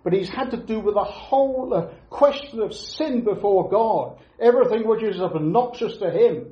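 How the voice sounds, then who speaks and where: An earnest man preaches in a fairly high voice. He presses each point with repeated phrases and pauses. The recording is roomy and echoey, with a dull, lo-fi sound. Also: animated. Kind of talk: sermon.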